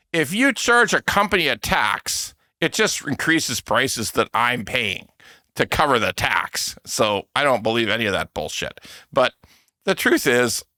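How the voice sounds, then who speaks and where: A Canadian man hosts a podcast and rants about politics in a casual, mocking opinion piece, laughing and doing sneering impressions of politicians. His voice is a little high and animated, and the studio-quality recording has no echo.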